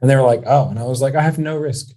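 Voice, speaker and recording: A man hosting a podcast, talking quickly and energetically and acting out quoted sales exchanges. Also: mid-range voice, mellow, a little hiss or hum. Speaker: podcast host. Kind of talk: casual podcast interview.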